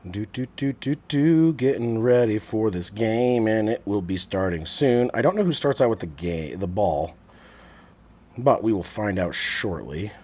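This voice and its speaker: A man's voice: on the low side, expressive, measured pace, a little mellow, slightly rough. A man around forty, chatting casually and rambling as the host of a live football stream, talking into a Bluetooth headset. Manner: chatty, rambling, many fillers.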